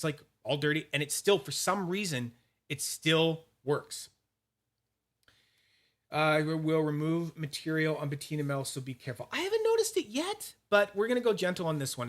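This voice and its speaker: A fidget collector channel host, a man with a fairly high, slightly bright voice, runs a casual livestream. He rambles and curses while demonstrating polishing and reading viewers' names from the chat, restarting often and dropping fillers and quick asides.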